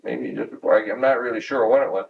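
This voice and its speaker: Gravelly older man telling work stories. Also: medium pitch, quick pace, far from the mic, narrow, tinny audio, slight background noise. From Michigan, USA. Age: 60s. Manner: chuckling anecdotes, acts out quoted dialogue. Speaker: oral history interviewee. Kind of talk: storytelling reminiscence. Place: his home.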